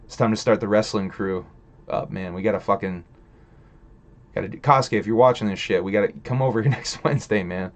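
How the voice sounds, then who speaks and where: A man with a somewhat low voice hosts a casual livestream, talking loosely with lots of swearing and filler. He rambles from thought to thought and answers his viewers' chat messages as he goes. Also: a little fast. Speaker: livestream host reading chat.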